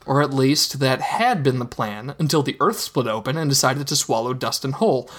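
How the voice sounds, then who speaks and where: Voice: medium pitch, normal speed, few pauses, a bit bright, slightly rough. A narrator reading fan fiction aloud in a playful way, acting out the dialogue. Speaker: story reader.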